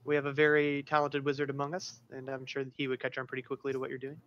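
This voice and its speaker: A man's voice: mid-range voice, completely flat delivery, quick pace, fairly bright tone, a little hiss or hum. A man playing a tabletop game, chatty and laughing often as he plays. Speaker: player. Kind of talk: casual tabletop role-play. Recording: dull lo-fi sound.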